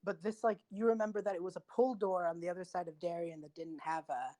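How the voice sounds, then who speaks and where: A woman narrating a tabletop game as game master, telling the scene with lively, giggly energy. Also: on the low side, fast.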